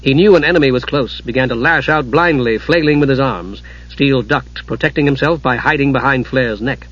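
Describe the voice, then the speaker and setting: Husky male fantasy audiobook narrator. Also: mid-range voice, normal speed, fairly bright tone. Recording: dull lo-fi audiobook recording.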